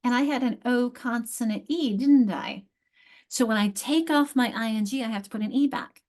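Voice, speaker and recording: Woman, literacy workshop presenter, slightly high pitch, teacherly, step-by-step explaining, frequent self-corrections. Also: normal speed, darkish tone. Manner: teacherly, asks the audience questions. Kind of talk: online teacher training presentation.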